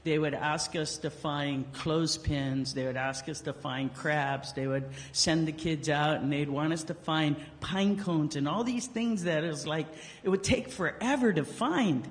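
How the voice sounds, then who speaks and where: A man with a higher voice delivers a eulogy a little slowly and with few pauses, animated and joking as he acts out the quotes in his stories. The casual telling rings through a memorial service hall with long reverb.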